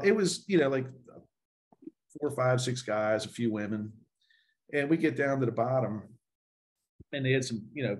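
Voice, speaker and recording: A middle-aged man, a guest on a podcast. He rambles through his stories with plenty of "like" and "you know," chuckling along the way. His voice is at an ordinary middle pitch. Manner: rambling, filler-heavy storytelling, chuckles often. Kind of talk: casual storytelling in an interview.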